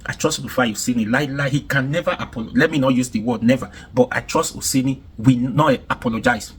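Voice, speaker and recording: Speaking quickly in a husky, medium-pitched voice, a Nigerian-accented man delivers heated reaction commentary. This commentary vlogger sounds indignant and emphatic, repeating himself a lot.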